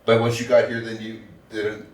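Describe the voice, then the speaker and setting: A man's voice: lowish voice, monotone, fairly quick. Curious male host, echoey room. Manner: inquisitive, self-deprecating humor. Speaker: podcast host. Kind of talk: casual interview. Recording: roomy, distant mic.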